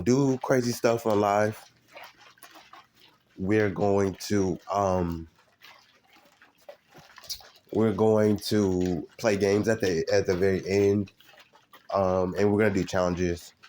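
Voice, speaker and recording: A man live streaming, talking casually to his viewers in a halting way, full of ums and restarts. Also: deep voice, darkish tone, a little hiss or hum. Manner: halting, many fillers and restarts.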